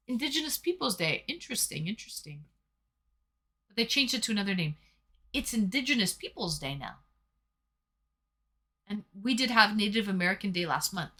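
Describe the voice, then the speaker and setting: Bright-voiced young woman chatting on stream. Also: medium pitch, very animated, a little fast, long pauses. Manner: chatty and playful, reads messages aloud. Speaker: livestream host reading chat. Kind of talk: casual live-stream chat.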